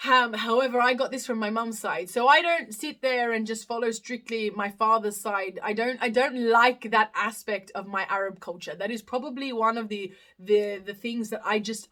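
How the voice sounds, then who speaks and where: A woman's voice: a little high, fairly bright tone. A young woman from Australia hosting a casual live stream, chatting through viewer comments with lots of fillers and restarts. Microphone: phone live stream.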